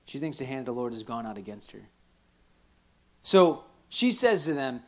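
A man preaching a sermon in a church, animated, rising loud on key points and dropping soft when quoting. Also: a little high, normal speed. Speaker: pastor.

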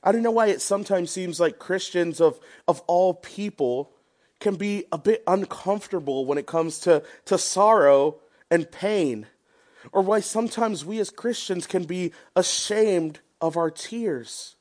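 A man's voice: sits high, a little slow, a little mellow. A young man preaching a sermon in an earnest, conversational way, with a prayer and casual asides to the people around him.

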